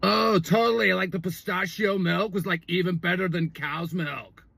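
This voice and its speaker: A man's voice: high-pitched, steady tone, moderate pace, creaky, fairly bright tone, husky, no room sound, voice pushed up, heavily acted. A man voicing a laid-back young frat bro who drawls and agrees with everything. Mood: agreeable.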